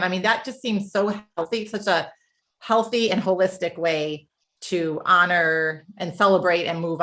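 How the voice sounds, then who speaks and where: A woman hosting a podcast interview, speaking in an affirming and reflective way with halting restarts. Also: lowish voice, pushed and bright. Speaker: podcast host.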